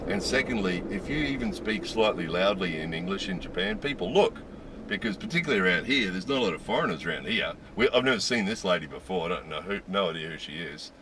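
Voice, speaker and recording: A man casually telling a story in an animated way, laughing and restarting when excited. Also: low voice, fast talker, background noise. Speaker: vlogger.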